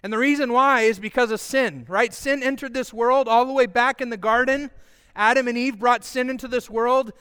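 A man preaching an Easter sermon as pastor, lively and calling the congregation to repeat after him. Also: extremely high pitch, normal speed, smooth. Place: church sanctuary with congregation. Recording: long hall reverb.

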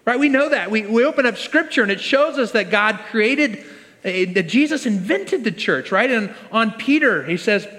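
A man's voice: high-pitched, expressive, a little fast, fairly bright tone. A man preaching a conversational sermon to a congregation, leading them in call-and-response. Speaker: pastor. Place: church hall with congregation. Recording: long reverb of a large hall.

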